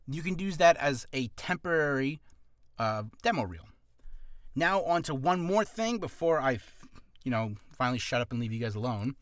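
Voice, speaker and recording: Man, aspiring voice actor, casual rambling tips, self-deprecating, bright tense tone. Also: mid-range voice, no room sound, clean studio sound. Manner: rambling, self-deprecating, breaks into quick voice demos. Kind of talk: casual talk explaining voice acting tips.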